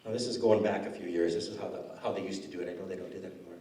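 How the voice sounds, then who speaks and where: A man's voice: sits low, fairly even intonation, racing, mellow, slight background noise. A man doing stand-up comedy in a school hall, telling stories in a rambling, chatty way. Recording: echoey hall from far off.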